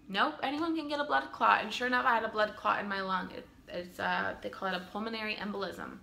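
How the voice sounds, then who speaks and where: A woman's voice: mid-range voice, steady tone, fairly quick, vocal fry, sharp tone, slight background noise. A woman in her twenties earnestly telling her own birth story at home, with frequent ums. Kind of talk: casual storytelling to camera. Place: home room.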